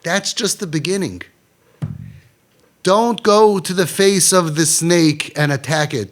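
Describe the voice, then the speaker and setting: A man giving an emphatic Torah talk, swinging between loud, dramatic lines and hushed ones. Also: fairly high pitch, takes it slowly. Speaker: Jewish inspirational speaker.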